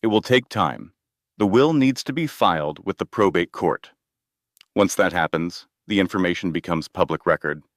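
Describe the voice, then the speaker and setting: Narrator doing a gentle, formal male attorney: low, steady and dry-miked storybook delivery. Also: normal speed, no echo. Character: calm, measured male estate attorney.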